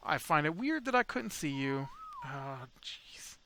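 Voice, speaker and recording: A man's voice: on the high side, big pitch swings, a little slow, creaky, bright, forceful tone, slight background noise. A man rambling through casual gameplay commentary as a video host, chatting to his in-game pet dinosaur.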